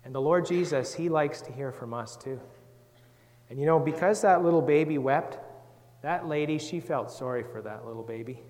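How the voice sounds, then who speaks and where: A man giving a gentle Bible talk to children, reading verses and asking them questions. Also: fairly high pitch, normal speed, long reverb tail. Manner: gentle, reads scripture aloud, asks the children questions. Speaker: children's Sunday school teacher.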